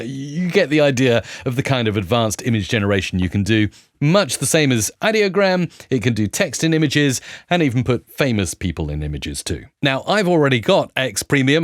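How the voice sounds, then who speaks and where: A man hosting a tech channel, walking viewers through software on screen in an upbeat presenter tone. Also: mid-range voice, no room sound, clean studio sound. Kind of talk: screen-recorded software walkthrough.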